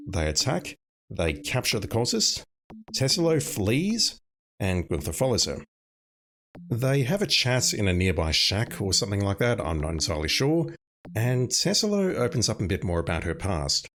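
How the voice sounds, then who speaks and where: Wry low-voiced man summarizing a game. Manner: dry, wry, joking asides. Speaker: let's play narrator. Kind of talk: casual game commentary and summary.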